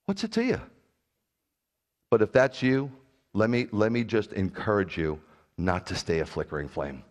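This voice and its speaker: Lively, joking male pastor preaching. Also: fairly low pitch, moderate pace. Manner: animated, jokey preaching with sudden loud bursts. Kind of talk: sermon.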